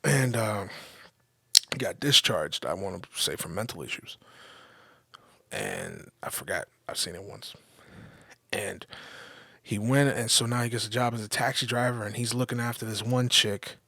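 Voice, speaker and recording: A man's voice: lowish voice, expressive, normal speed, gravelly, long pauses, pushed and bright, slightly rough, no room sound. A man hosting his own podcast, delivering a casual, profane, heated commentary with emphatic repetition. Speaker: podcast host.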